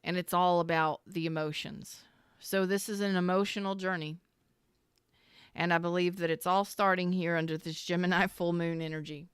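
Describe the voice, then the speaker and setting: A woman's voice: lowish voice, steady tone, normal speed, smooth, no room sound, clean studio sound. A woman giving a casual, heartfelt tarot reading, talking straight to the listener in an earnest, emotional way, often repeating herself and swearing now and then. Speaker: tarot reader.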